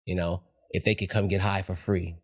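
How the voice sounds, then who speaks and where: Middle-aged guy with a really low voice, opening up on a podcast, soft and heartfelt. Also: little pitch movement, moderate pace. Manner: reflective, heartfelt, soft-spoken at times. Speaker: guest. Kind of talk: candid podcast conversation.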